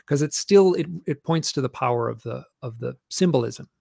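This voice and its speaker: A man, a guest author, telling stories in an animated, rambling way with many restarts. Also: mid-range voice, brisk, vocal fry, breathy edge, no room sound, clean studio sound. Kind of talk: storytelling interview chat.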